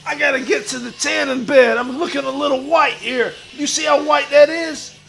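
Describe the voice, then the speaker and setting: A man doing a gravelly, swaggering washed-up wrestler. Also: very high-pitched, steady tone, moderate pace, soft background music, exaggerated voice. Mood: swaggering bravado. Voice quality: gravelly, shouty bravado. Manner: crude, swaggering, talks of himself in third person. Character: boastful washed-up male pro wrestler. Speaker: streamer in character. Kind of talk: improvised comedy stream.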